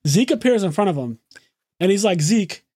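A man hosting a podcast, excitedly recapping an anime episode in casual, profane, run-on talk. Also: sits high, breathy edge, dry recording, clean studio sound. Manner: excited, swears freely, rapid run-on retelling. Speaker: podcast host.

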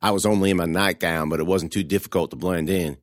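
A man reading a first-person horror story in a dramatic, expressive way. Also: low-pitched, quick pace, dry recording, studio quality.

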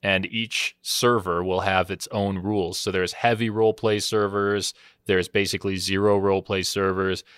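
A man with a lowish voice co-hosts a podcast, chatting casually about games in clean, echo-free studio sound. He's an animated storyteller who acts out what people said.

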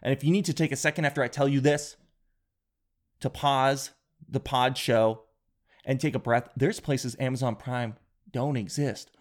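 A man hosting his own podcast, telling a rambling comic story in an animated, jokey way. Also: mid-range voice, moderate pace, pauses often. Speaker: podcast host. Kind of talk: comedic podcast monologue.

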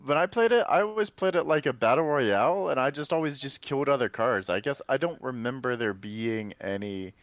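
A man's voice: medium pitch, animated, fairly quick, hardly any pauses, no room sound. A man co-hosting a podcast in a casual chat, who asks questions and reads out facts. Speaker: podcast co-host.

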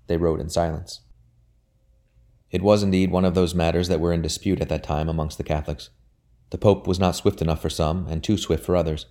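Male audiobook narrator, deep, warm, measured delivery. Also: little pitch movement.

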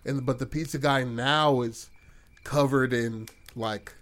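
A man's voice: medium pitch, fairly even intonation, slow pace, fairly bright tone. A man hosting a podcast who tells an improvised story casually, rambling with lots of swearing and restarts. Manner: rambling and profane, full of fillers and restarts. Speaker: podcast host telling a story.

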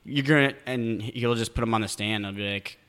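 A young man in his twenties co-hosting a podcast, joking in a quick, rambling way with many restarts. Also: fairly low pitch, flat delivery, clean tone. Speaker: podcast co-host. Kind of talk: casual chat.

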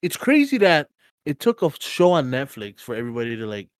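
A man chatting on a casual podcast, his pitch sitting right in the middle of the range. He rambles and swears freely, piling on filler words. The sound is dry and close, with little room in it. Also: huge pitch swings, brisk, clean tone, no room sound. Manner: rambling, heavy swearing, lots of "like". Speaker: podcast co-host. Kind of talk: casual chat. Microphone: computer mic on a voice call.

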